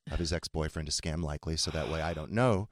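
Male podcast host, deep, quick, dry teasing delivery, close dry studio sound. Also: no echo. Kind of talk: casual chat and comic storytelling.

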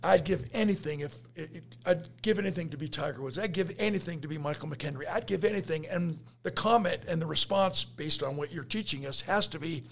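Podcast host guy, kinda high gravelly voice, eager, jumps in with sports metaphors. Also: fairly quick, few pauses. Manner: eager, interjecting, tells lessons with sports metaphors. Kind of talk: conversational interview.

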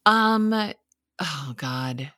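Low-voiced woman, chatty podcast host. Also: expressive, drawn-out words, bright, forceful tone, no echo, studio quality. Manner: chatty storytelling with frequent swearing. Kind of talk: casual chat.

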